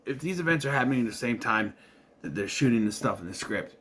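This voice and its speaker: Man from southern Minnesota, rambling casual commentary, lively pitch, bright tone, swears now and then. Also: quick pace, husky. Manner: rambling, restarts, occasional swearing. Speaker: video reviewer.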